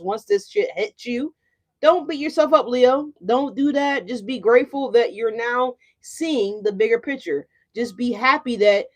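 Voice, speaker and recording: A woman's voice: fairly high pitch, a little mellow. A woman doing a casual tarot reading for her viewers, chatty and profane, often asking "right?". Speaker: tarot card reader.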